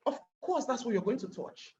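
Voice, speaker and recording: Nigerian woman for a webinar talk: animated, plays out scenes, very expressive pitch; muffled lo-fi recording. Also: normal speed. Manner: animated, acting out little scenes and asking rhetorical questions. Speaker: guest speaker.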